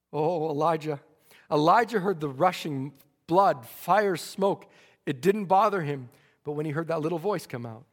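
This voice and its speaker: A man preaching a fervent revival sermon, stammering into restarts and acting out the people in his story. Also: sits high. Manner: fervent, stammering restarts, acts out quoted voices. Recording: long church reverb.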